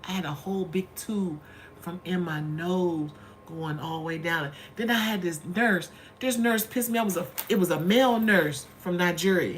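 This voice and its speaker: A woman's voice: fairly low pitch, moderate pace, a little hiss or hum. A middle-aged woman hosting a casual livestream from home, telling stories in a chatty way and calling her viewers honey and y'all. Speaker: livestream host.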